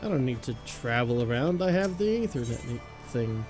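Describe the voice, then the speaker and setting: A man's voice: medium pitch, big pitch swings, normal speed, over music. A man streaming a game, chatting casually with a joking, loose manner and swearing freely.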